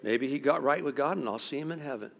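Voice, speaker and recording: A middle-aged pastor, preaching a sermon through stories, swinging between loud outbursts and quiet, intense moments. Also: male voice, medium pitch, fast, vocal fry. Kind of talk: sermon with storytelling.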